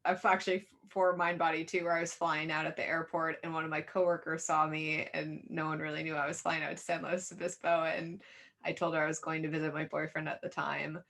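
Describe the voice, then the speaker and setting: Bright-voiced woman podcast co-host. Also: low voice, little pitch movement, a little fast, creaky. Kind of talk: casual podcast conversation.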